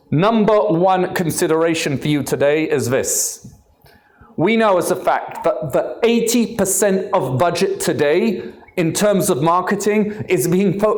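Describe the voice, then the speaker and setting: A man's voice: sits high, a little mellow. A man in his fifties with an English accent, born in England and raised in Israel, giving a conference talk. He is engaging, asks the audience questions and jokes with them. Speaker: conference speaker.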